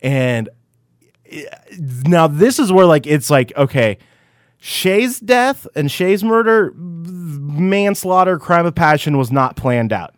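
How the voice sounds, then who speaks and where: A man co-hosting a casual podcast, his voice sitting a little high and sounding dry and close. He rambles through an episode recap with constant stammered restarts and casual swearing. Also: animated, slow, no room sound. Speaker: podcast co-host.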